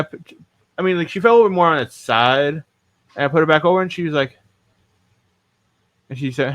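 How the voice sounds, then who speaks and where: Bright-voiced rambling podcast host man. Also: on the high side, expressive, fairly quick, long pauses. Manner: rambling, self-mocking, swears freely. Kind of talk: casual podcast storytelling.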